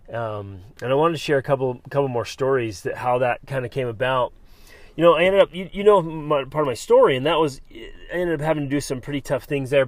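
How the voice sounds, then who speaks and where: A man's voice: on the high side, no echo. Upbeat man telling a story. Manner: enthusiastic, lively, many restarts. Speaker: podcast host. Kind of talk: energetic motivational storytelling.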